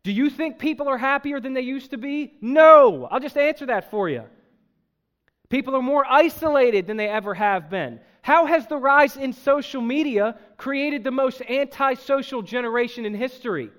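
High-voiced man preaching emphatically. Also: moderate pace. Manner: animated, emphatic preaching with asides and laughter. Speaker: pastor. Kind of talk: sermon. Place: church.

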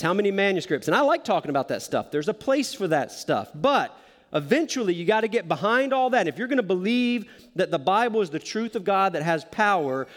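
Male pastor, slightly high voice, conversational sermon with self-deprecating jokes, hall reverb.

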